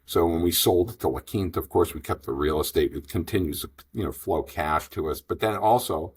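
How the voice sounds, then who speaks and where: A franchise investor in his fifties, a guest in a podcast interview, tells rambling, animated stories and acts out the dialogue. His husky voice sits low and moves briskly.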